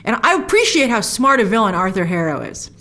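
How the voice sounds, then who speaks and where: A woman hosting a casual TV episode review, animated and quick to act out lines from the scenes in put-on voices. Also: medium pitch. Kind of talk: casual chat.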